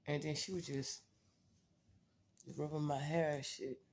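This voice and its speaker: A woman's voice: low-pitched, level tone, measured pace, darkish tone. A woman vlogger telling a personal story in a blunt, profane, candid way, talking straight to her viewers.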